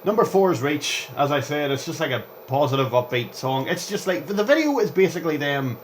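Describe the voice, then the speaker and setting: A young man rambling through gameplay commentary as a vlogger, chatty and excitable, jumping between topics and reacting aloud to the game. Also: fairly high pitch, a little fast, slight background noise. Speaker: gaming vlogger.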